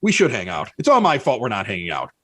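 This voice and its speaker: Talking fast in a lowish voice, a Chicago-accented podcast guest shares lively stories that poke fun at himself, frequently starting sentences over. The chat is casual and the recording is dry.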